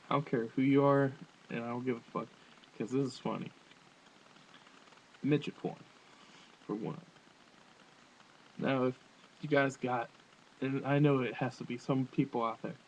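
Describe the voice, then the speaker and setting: Here a man vlogs into his webcam, his mid-range voice a little mellow as he laughs through a crude, meandering comedy rant. The audio, from the webcam microphone, is dull and carries a faint hiss.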